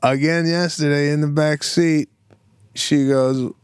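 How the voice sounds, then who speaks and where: A man's voice: fairly high pitch, fairly even intonation, slow, smooth, dry recording, clean studio sound. A man co-hosting a podcast, telling stories in a laid-back, casual way with laughs. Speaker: podcast co-host. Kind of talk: casual chat.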